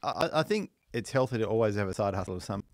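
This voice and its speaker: Laid-back guy with a lowish voice answering questions on a podcast, dry mic. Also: lively intonation, very fast, a little mellow, no room sound. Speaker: panel guest. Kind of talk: casual after-hours podcast chat.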